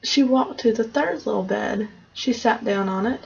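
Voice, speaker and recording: A woman with a fairly high, husky voice retells a fairy tale in a loose, chatty way. The recording is muffled and lo-fi. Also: normal speed. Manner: loose, conversational retelling with fillers. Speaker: storyteller. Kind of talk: casual story retelling. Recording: dull lo-fi recording.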